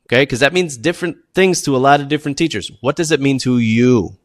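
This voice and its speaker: A man who teaches PE, presenting classroom tips in an animated, emphatic way and often checking in with "okay?". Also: medium pitch, quick pace, no room sound, studio quality. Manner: animated, acts out students and teachers.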